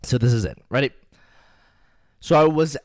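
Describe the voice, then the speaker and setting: Animated young man telling a story. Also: medium pitch, moderate pace. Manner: animated, keeps checking in with "right?". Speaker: podcast co-host. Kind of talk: casual comedic storytelling.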